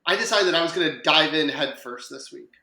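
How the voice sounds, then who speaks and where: A man's voice: on the high side, lively intonation, brisk, vocal fry, bright, forceful tone, echoey room. A man co-hosting a podcast, chatting casually and rambling through a story with fillers and self-corrections. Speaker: podcast co-host. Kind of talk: casual chat.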